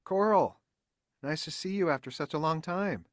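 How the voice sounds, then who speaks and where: A man with an American accent and a somewhat high voice plays a polite, chatty character with a cold in a scripted textbook dialogue. It's lightly acted at a moderate pace, recorded in studio quality with no echo.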